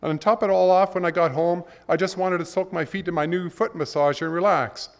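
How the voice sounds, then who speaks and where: A man's voice: sits high, fairly even intonation, fast talker, pitched above the performer's own voice. A man voicing a grown man whining to God about his bad day. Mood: aggrieved. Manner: complaining, aggrieved.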